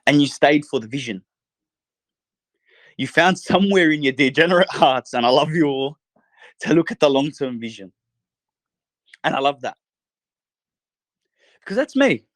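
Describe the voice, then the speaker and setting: A man's voice: on the high side, expressive, normal speed, pauses often, fairly bright tone, dry recording. Fervent, profane man rallying his community. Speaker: podcast host. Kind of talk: impassioned late-night podcast monologue. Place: bedroom in a holiday house.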